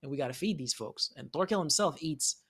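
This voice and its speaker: A man in a casual anime discussion, lively and quick to laugh. He jumps into the characters' voices as he retells scenes, then drops back into his easy chatting tone. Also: a little high, husky. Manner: animated, laughs often, acts out characters' lines. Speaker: podcast co-host.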